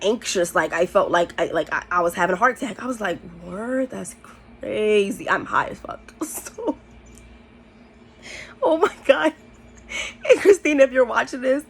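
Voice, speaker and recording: A young woman telling a storytime vlog, animated and slangy, laughing often as she talks. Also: on the high side, slight background noise. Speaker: vlogger.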